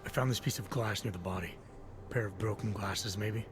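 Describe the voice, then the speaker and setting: A man's voice: lowish voice, a little fast, over music, lightly acted. An actor playing a businesslike male forensic investigator in a video game, speaking in a clipped way. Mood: brisk.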